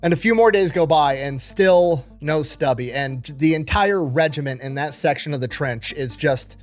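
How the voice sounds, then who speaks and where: A man's voice: on the high side, normal speed, faint music behind. A man hosting a casual, comedic retelling of history in a profane, wisecracking, conversational way. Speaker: host.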